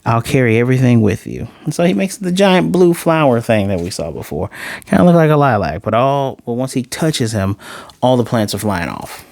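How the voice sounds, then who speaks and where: A man's voice: mid-range voice, very animated, normal speed, creaky, a little mellow, no room sound. A man in his late thirties giving a casual, rambling anime review, often correcting himself and wandering into chatty asides. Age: 30s.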